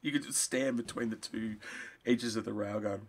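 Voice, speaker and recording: A man chatting casually about a video game, rambling and animated, swearing now and then. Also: lowish voice, normal speed. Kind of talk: casual gaming chat.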